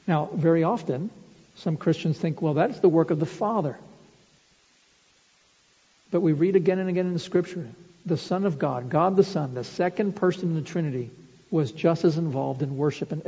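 A man's voice: fairly high pitch, mellow, breathy edge. A man preaching a sermon, earnest and explanatory, building his points with vivid everyday illustrations. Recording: reverberant hall, dull lo-fi sound.

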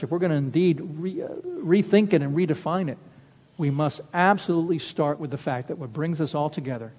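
A male pastor delivering an impassioned sermon to his congregation, pushing his voice up higher and louder to drive points home. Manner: impassioned, rising in pitch and volume to press points. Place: church sanctuary. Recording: long church reverb, dull lo-fi sound.

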